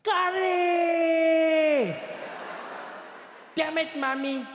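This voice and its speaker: A man doing a young schoolboy who lets out high, shrill cries of exasperation at his lunch. The voice rings out through an echoey hall with a long tail of reverb. It is a live stand-up bit. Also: very slow, raised voice, crowd noise, noisy background, full character voice. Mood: exasperated. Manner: shrieking high outbursts.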